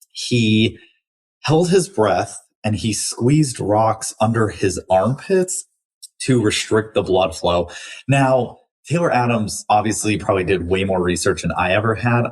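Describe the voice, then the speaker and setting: Husky-voiced man reviewing a thriller. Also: fairly low pitch, expressive, slow pace. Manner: chatty, many likes and restarts. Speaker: book podcast host. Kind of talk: casual book review monologue.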